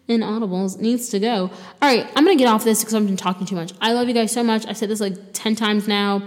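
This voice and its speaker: A woman's voice: mid-range voice, fast talker, hardly any pauses, big-room sound. A young woman hosting a solo podcast, talking in a rambling, chatty way full of fillers and restarts. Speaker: podcast host. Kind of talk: casual solo podcast sign-off.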